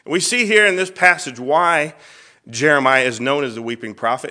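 Bright-voiced emotional male preacher. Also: fairly high pitch, normal speed. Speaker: pastor teaching a church class. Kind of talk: sermon with scripture reading. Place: church room.

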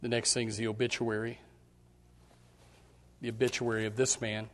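A middle-aged man preaching a sermon as pastor, fervent and emphatic, his voice surging loud on key points. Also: mid-range voice, flat delivery, moderate pace, long reverb tail.

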